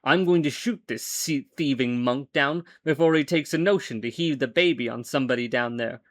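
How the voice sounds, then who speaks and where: A man voicing a cocky male gunman who speaks low and matter-of-fact. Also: normal speed, no room sound, close to an everyday voice. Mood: cool.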